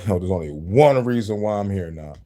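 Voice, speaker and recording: A man's voice: deep voice, animated, moderate pace, dark tone. A man talking casually to his viewers, frustrated and profane, laughing often. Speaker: YouTuber.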